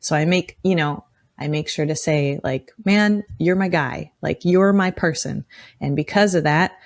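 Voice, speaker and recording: A woman's voice: deep voice, measured pace, no echo, studio quality. A woman co-hosting a relationship talk show, affirming her partner and sharing advice from her own marriage. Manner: warm affirming listener, frequent mm-hmms. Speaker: relationship podcast co-host. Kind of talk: casual advice chat.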